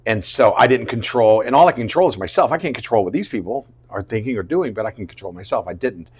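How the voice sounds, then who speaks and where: A man from Jacksonville, Florida, telling an animated story as a podcast guest, dropping to a hush and then rising loud. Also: on the low side, fast talker, breathy edge. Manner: dramatic, swings between loud and hushed. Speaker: guest, actor.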